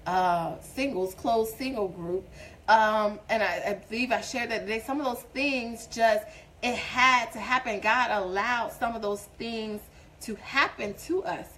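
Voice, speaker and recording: A woman's voice: a little high, measured pace, a bit bright, slight background noise, poor audio. A woman hosting a faith-based show, giving an informal devotional talk to viewers. She talks earnestly and builds to emphatic, preaching exhortation, streamed on a webcam or phone.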